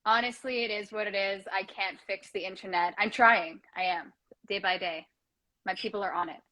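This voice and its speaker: A woman's voice: medium pitch, fairly even intonation, normal speed, sharp tone. A woman hosting a casual live video chat, chatty, giggly and self-mocking. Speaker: host. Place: home, on a live video call. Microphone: video call.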